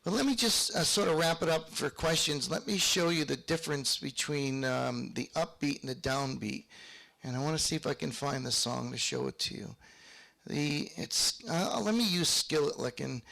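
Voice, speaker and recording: A man's voice: on the high side, normal speed, vocal fry, sharp tone. A middle-aged man teaching square dance calling on a video call, chatty, explaining with hummed beats and sample calls. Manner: chatty, explains with hums and called sample lines. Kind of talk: online workshop lesson with demonstrations.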